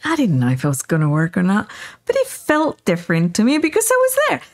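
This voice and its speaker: A woman's voice: mid-range voice, fast. A woman guest telling a story in conversation, acting out the dialogue and often checking in with "right?". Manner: animated, acts out quoted dialogue, keeps asking "right?". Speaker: spiritual teacher and guest.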